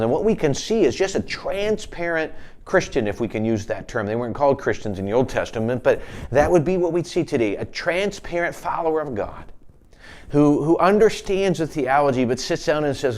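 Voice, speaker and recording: Guy preaching on a psalm, earnest, mid pitch, goes soft and pleading on the prayers. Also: expressive, a little fast. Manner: earnest devotional teaching, reads scripture aloud in King James wording. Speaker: pastor. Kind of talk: sermon.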